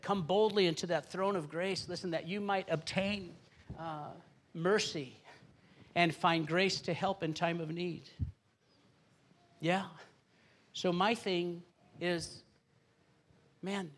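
A middle-aged man preaching as a pastor in a church, moving from conversational teaching into earnest, fervent prayer. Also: high-pitched. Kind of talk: sermon and congregational prayer. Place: church sanctuary.

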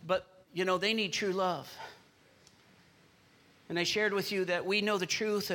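A male pastor preaching in a church, his voice sitting high and sounding bright and forceful. He drives his points home with emphasis and keeps calling out to the congregation for a response. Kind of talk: sermon.

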